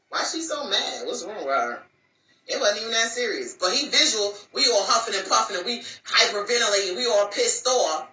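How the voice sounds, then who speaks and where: A woman hosts a casual advice session for women on relationships, sassy and emphatic, repeating lines for punch. Her medium-pitched voice has a sharp edge and sits far from the mic in a roomy, echoing space.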